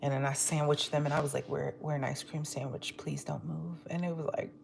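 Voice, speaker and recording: Woman vlogger, low and gravelly, animated storyteller who acts out quotes and laughs often. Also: fairly quick, background noise. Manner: laughs often while talking. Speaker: livestream vlogger. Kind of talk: casual storytelling chat. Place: at home, eating.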